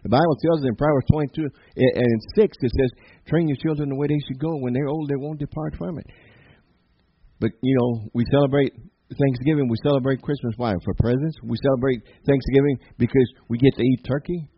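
A man's voice: medium pitch, steady tone, brisk, husky, highs cut off. A man preaching a sermon in a church, emphatic and punctuated with frequent amens. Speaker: pastor. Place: church sanctuary.

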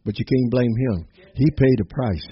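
A man preaching a lively, joking sermon, breaking into song and shouting out Bible verses. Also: medium pitch, normal speed, breathy edge, no echo, muffled recording.

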